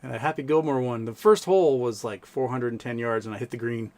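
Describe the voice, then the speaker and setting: A man's voice: mid-range voice, quick pace, a little mellow. A man in his thirties hosting a livestream, telling rambling stories in a casual chat with lots of fillers. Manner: rambling storytelling with many fillers. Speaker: livestream host.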